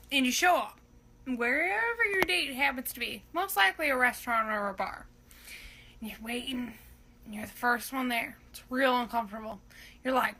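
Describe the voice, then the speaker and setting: A young woman with a high, bright voice doing a comic monologue. She talks casually, swears freely and acts out her inner thoughts in quick asides. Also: expressive, slight background noise. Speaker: comedian.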